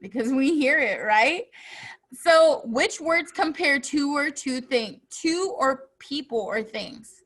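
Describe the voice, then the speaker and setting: A woman's voice: high voice, animated, takes it slowly, fairly bright tone. A woman teaching a children's phonics lesson, patiently asking questions and answering them herself.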